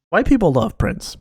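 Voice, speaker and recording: A man's voice: dry recording, studio quality. A man co-hosting a podcast in casual chat, joking and rambling with lots of stammered restarts. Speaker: podcast co-host.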